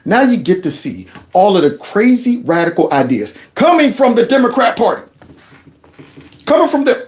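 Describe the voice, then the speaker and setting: Male reaction host, high and lively delivery, indignant, restless rhythm with repeated words. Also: moderate pace. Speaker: commentary host. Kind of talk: reaction commentary.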